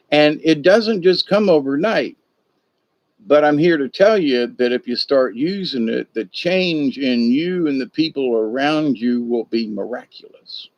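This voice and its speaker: Gravelly rambling man, late-night monologue. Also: medium pitch, no room sound. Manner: rambling, acts out little dialogues in changed voices. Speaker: livestream host. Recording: dull lo-fi dry sound.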